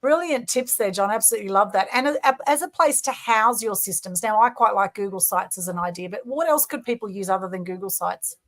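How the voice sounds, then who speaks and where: A woman co-hosts an online talk show. She sounds keen and warmly eager as she praises and asks questions. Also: medium pitch, a little fast, few pauses. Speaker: co-host.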